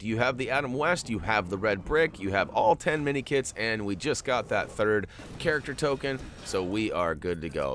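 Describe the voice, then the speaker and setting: A man's voice: medium pitch, fairly bright tone, a little hiss or hum. A man hosting a video game walkthrough, chatting casually and joking with viewers. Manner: jokey, chatty, talks to viewers. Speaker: gaming walkthrough host.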